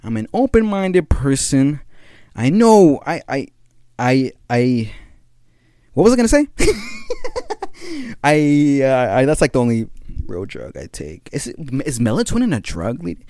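A young man delivers a casual solo monologue on his podcast in a sing-song, unhurried voice of medium pitch and dark tone, with long pauses. He rambles in slang, laughs often and sounds somewhat tired; the studio-quality recording has no echo.

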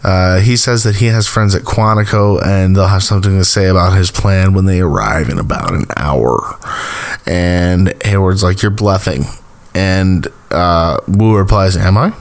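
A man's voice: deep voice, a little slow. A man casually recapping a TV episode, rambling with lots of fillers and small chuckles. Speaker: TV recap host.

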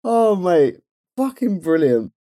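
A man co-hosting a casual podcast, telling a funny story in an excitable, loud way and laughing often. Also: high voice, slow. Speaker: podcast co-host.

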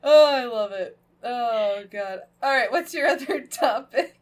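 A woman's voice: high voice, animated, normal speed. A young woman co-hosting a podcast, chatting casually, swearing freely and filling her talk with "like". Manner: swearing, laughing, lots of "like" fillers. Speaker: podcast co-host. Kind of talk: casual chat.

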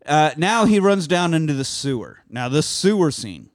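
Guy on a podcast swearing his way through a movie recap, kinda high voice, does all the lines. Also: moderate pace, hardly any pauses, no echo, studio quality. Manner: animated storytelling, acts out movie lines, swears freely. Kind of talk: casual profane chat.

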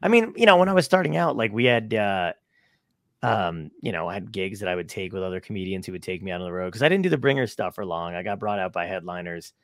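A man's voice: low voice, quick pace, no room sound, clean studio sound. A man, a stand-up comedian, telling profane stories in casual chat and acting out the people in them. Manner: profane, animated, acts out quoted dialogue.

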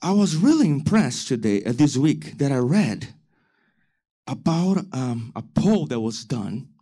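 A man preaching a church sermon, building to loud, emphatic calls to the congregation. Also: mid-range voice, sing-song, a little slow, husky. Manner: preaching with rising shouted emphasis and call-and-response. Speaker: pastor.

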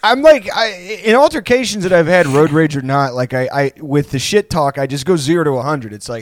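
A man's voice: on the high side, animated, brisk, hardly any pauses, no room sound. A young man from Texas, rambling through crude comedic banter, laughing often and acting out insults. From South Houston, Texas.

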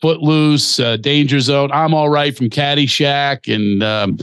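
An older male comedian, a guest on a podcast, telling animated stories in casual chat. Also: mid-range voice, a little slow, clean tone, no echo, clean studio sound. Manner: animated storyteller who acts out voices.

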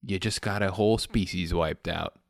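A man's voice: low voice, moderate pace, creaky, no echo, clean studio sound. A man co-hosting a podcast, making sardonic jokes in casual chat. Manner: sardonic, joking asides. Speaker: podcast co-host.

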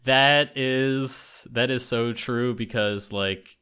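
A man's voice: medium pitch, steady tone, slow pace, bright, forceful tone, clear, resonant tone. A man hosting a casual podcast chat, talking loosely with lots of fillers and restarts. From English-speaking country. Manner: rambling with frequent fillers and restarts. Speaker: podcast host.

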